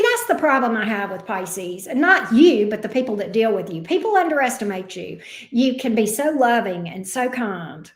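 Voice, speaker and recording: A woman's voice: fairly high pitch, echoey room. A woman giving a casual tarot reading, talking bluntly, swearing freely and getting worked up. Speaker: tarot reader.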